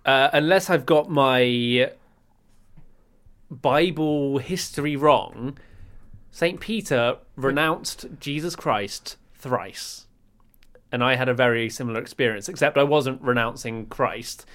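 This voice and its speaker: English male podcast co-host, mid-pitched, rambling comic storyteller. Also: takes it slowly. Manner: rambling storyteller, self-mocking, bursts into loud repeated lines. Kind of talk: casual chat.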